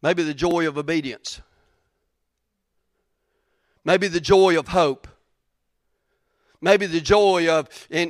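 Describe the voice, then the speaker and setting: Folksy preacher, high bright voice. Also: male voice, no echo, clean studio sound. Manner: folksy, conversational, acts out characters' lines. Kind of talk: informal sermon storytelling.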